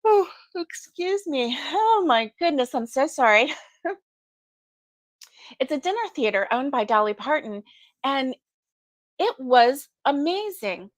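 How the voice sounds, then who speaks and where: Middle-aged woman, host of a casual crochet livestream; slow, sleepy and chatty, slightly high voice, dry close recording. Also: expressive, dry recording. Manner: sleepy, chatty, yawning often. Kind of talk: casual morning livestream chat.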